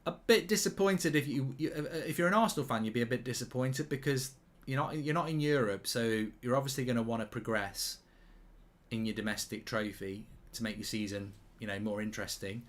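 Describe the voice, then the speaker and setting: A man's voice: medium pitch, brisk. A man giving casual, jokey live football commentary and reading out viewer comments.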